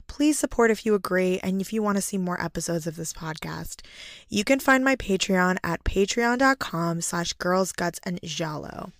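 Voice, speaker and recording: A woman hosts her solo podcast with a raspy, hoarse voice that sits slightly low. She speaks earnestly, and the recording is dry and close. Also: normal speed, no room sound. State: hoarse from laryngitis. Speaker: podcast host.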